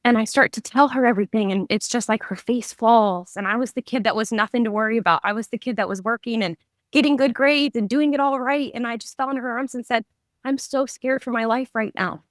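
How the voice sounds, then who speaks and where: A woman's voice: on the high side, steady tone, fast, no echo, clean studio sound. A woman in her thirties, a podcast guest, telling a personal story candidly and vividly, with lots of "like" fillers. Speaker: guest, psychic medium and artist.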